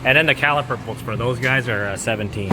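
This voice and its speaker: Man mechanic, casual repair walkthrough, mid-pitched, stumbling restarts, faint background noise. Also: fast talker. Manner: rambling, repeats words and restarts often. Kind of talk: casual how-to narration while working. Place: auto repair shop.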